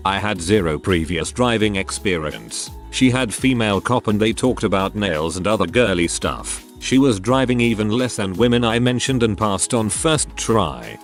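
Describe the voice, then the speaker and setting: Low-voiced man reading posts aloud. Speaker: narrator. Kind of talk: scripted narration of reader posts.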